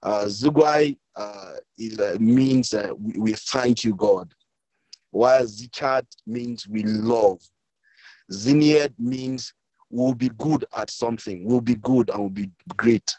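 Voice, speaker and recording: A man, speaking emotionally and haltingly as a guest on an online call from a village, often repeating himself. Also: medium pitch, warm tone, no room sound, low-quality recording. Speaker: guest speaker, author's brother. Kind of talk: emotional speech on a video call. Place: village, weak network.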